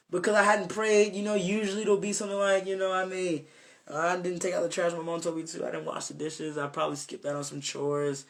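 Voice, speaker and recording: A man's voice: high voice, fairly bright tone. A young man giving an informal, earnest devotional talk, rambling with many fillers and restarts. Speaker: self-made preacher.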